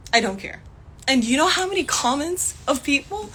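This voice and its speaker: A woman's voice: sits high, big pitch swings, normal speed, sharp tone, a little hiss or hum. Young woman ranting angrily on a phone. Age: young adult. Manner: angry, heated, swears often, laughs in frustration. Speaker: actor streaming live. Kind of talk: casual livestream rant.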